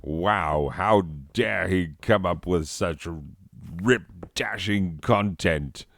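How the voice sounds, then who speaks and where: A man hosting his own show, rambling while high as he plays a game, swearing constantly and laughing at his own jokes. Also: drawn-out words, vocal fry, a bit bright, no room sound. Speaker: host. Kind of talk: rambling gameplay chat.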